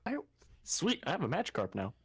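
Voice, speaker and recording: Goofy, animated tabletop player. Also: medium pitch, a little fast, slightly rough. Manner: goofy, joking, in-character asides. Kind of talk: playing a tabletop game live.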